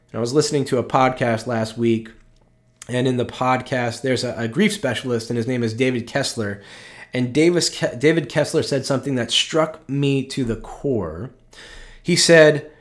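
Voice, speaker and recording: A male pastor giving a conversational, openly emotional sermon, often checking in with "right?" and slowing down on tender points. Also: medium pitch. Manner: earnest and personal, with frequent "right?" asides.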